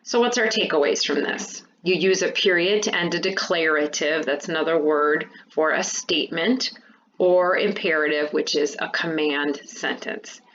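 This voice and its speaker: A woman teacher walks young students through a remote lesson, explaining step by step in a patient, clear way. Her voice sits a little low. The recording is dull and lo-fi, with a faint hiss underneath. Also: normal speed, fairly bright tone.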